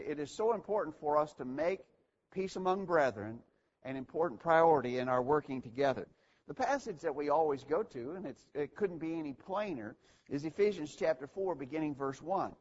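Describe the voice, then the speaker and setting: A man's voice: fairly high pitch, slightly rough. A man teaching an evening Bible lesson to a church, earnest and repeating key phrases for emphasis. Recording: dull lo-fi recording.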